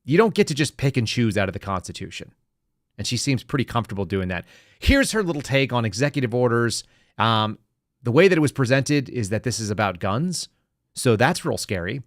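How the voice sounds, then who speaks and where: Man, podcast host, sarcastic political commentary, dry close recording, middle pitch. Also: lively intonation, a little fast, dry recording. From United States. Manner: sarcastic, talks to live chat.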